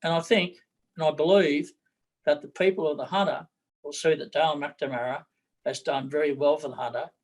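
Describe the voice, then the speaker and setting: A man's voice: on the high side, fairly even intonation, brisk, low-quality recording. A middle-aged man with an Australian accent, a political candidate talking bluntly in an interview, repeating his words as he goes.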